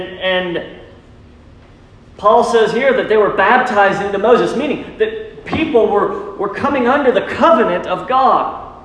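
A pastor with a high, ringing, fairly bright voice delivers a sermon to his church. He leans on emphatic lines and tosses questions to the congregation for them to answer, while the echoey church hall gives everything a long, booming reverb.

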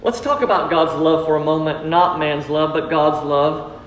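Earnest high-voiced male pastor preaching. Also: moderate pace, a little hiss or hum. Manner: earnest, repetitive, calls on the congregation. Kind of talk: sermon. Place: church sanctuary. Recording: roomy hall reverb.

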